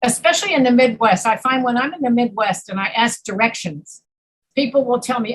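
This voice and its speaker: A woman's voice: a little high, a little fast, slightly rough, rough recording. A woman with an East Coast American accent teaching an online pronunciation class over a video call, patient and explaining with examples.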